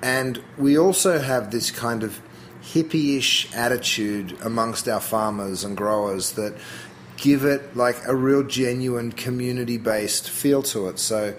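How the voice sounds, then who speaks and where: Australian man, middle-aged, mid-pitched voice, chatty interview guest, faint hiss behind. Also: measured pace, low-quality recording. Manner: relaxed, chatty, self-interrupting with fillers. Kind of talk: casual interview chat.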